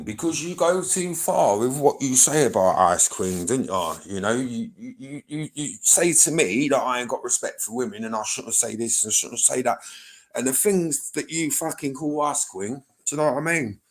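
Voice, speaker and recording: A man's voice: medium pitch, animated, moderate pace. A man, chatting loosely on his own livestream, rambling, swearing and answering his chat.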